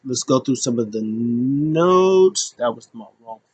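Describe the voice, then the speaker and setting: A man's voice: medium pitch, animated, slow, a little hiss or hum. A man hosting a casual solo wrestling recap, rambling with lots of fillers and slipping into quoted voices. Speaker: wrestling show recap host.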